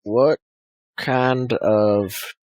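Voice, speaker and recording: A man's voice: medium pitch, fairly even intonation, very slow, darkish tone, dry recording. A man playing a polite, deferential retainer. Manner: deferential, careful questioning. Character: polite, upright male retainer questioning his lord.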